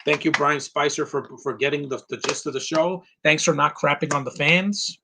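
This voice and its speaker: A man in his thirties, near tears, giving an earnest and halting live commentary as host of his own stream. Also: on the high side, steady tone, vocal fry, noisy background. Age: 30s.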